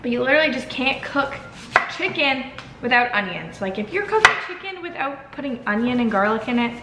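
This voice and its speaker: A woman's voice: on the high side, animated, fairly quick. A young woman in her twenties chatting casually to her camera at home, giggly and self-mocking. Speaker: vlogger. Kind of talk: casual vlog chat to camera. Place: home kitchen and small room, indoors. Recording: noisy home camera audio.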